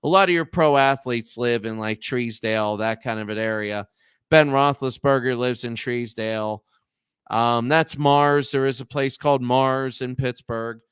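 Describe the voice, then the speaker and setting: A man from Appalachia hosting a show, telling rambling, profane stories and loudly acting out the people he quotes. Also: mid-range voice, a little slow, clear, resonant tone, no echo, clean studio sound. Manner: digressive, profane, acts out quoted voices loudly. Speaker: show host. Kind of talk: rambling storytelling.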